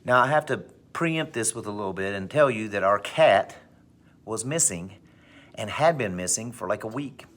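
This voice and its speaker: A male teacher telling a personal anecdote to his class, with big animated swings in pitch and pace. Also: normal speed. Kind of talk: storytelling in class.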